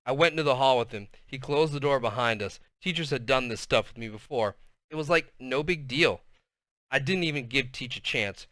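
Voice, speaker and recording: Man reading a novel aloud with casual asides, bright and crisp voice. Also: medium pitch, normal speed, no echo. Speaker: reader.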